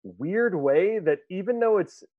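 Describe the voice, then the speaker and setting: A man's voice: sits high, unhurried, no room sound, narrow, tinny audio. A man hosting a casual podcast chat, retelling movie scenes with frequent laughter and plenty of swearing. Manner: laughs often, swears freely, animated retelling. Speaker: podcast host.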